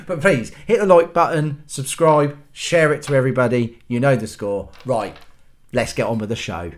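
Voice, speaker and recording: A man's voice: mid-range voice, a little slow, noisy background. A man hosting his own channel, ranting to the camera about everyday annoyances in an exasperated, self-mocking way. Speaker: host. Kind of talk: casual rant to camera.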